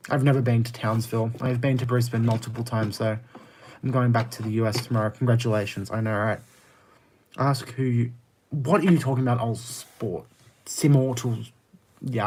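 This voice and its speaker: A man's voice: normal speed, long pauses, a little mellow, slight background noise. A young Australian man in his twenties, chatting casually on a livestream and answering viewer comments in a blunt, exasperated way. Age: 20s. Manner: blunt and exasperated, jumps to high indignant pitch when ranting.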